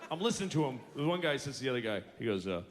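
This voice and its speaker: A man's voice: mid-range voice, big pitch swings, racing. A man doing stand-up comedy on a stage mic, ranting sarcastically with plenty of swearing. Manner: profane, sarcastic ranting that builds to outbursts. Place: comedy stage with a live audience. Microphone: handheld stage mic. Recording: noisy live stage recording.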